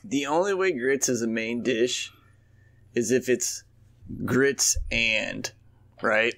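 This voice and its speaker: A man co-hosts a podcast in an easygoing, chatty manner. He swears casually and keeps his pitch in a middle range. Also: slow pace, fairly bright tone. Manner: laid-back, profane, chatty. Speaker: podcast co-host. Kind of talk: casual chat.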